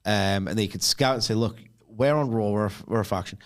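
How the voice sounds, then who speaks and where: A man's voice: lowish voice, fairly quick. A man co-hosting a podcast, musing casually and with dry humour. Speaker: podcast co-host. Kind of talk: casual chat.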